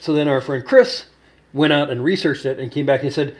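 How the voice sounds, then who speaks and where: Hosting a cocktail show, a man tells a long, rambling story straight to camera, full of fillers and restarts. His voice sits at a medium pitch, a little mellow, and he talks at a quick pace.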